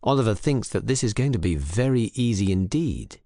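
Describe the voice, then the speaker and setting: Low, lively male storyteller. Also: no room sound, studio quality. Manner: clear, measured storytelling. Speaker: audiobook reader. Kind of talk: scripted narration for English learners.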